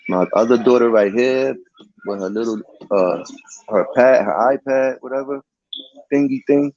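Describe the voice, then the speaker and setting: A man's voice: moderate pace, darkish tone, no echo, highs cut off. A man talking in a casual vlog monologue, rambling in slangy street talk with many restarts. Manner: sing-song high calls of a greeting catchphrase. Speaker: vlogger.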